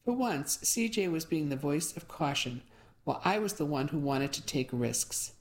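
Low-voiced woman reading a mystery novel. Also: lively intonation, normal speed. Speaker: audiobook narrator. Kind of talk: first-person audiobook narration.

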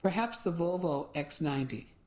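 A woman voicing a relaxed, matter-of-fact young man who works as a driver and handyman. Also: lowish voice, normal speed, close to an everyday voice.

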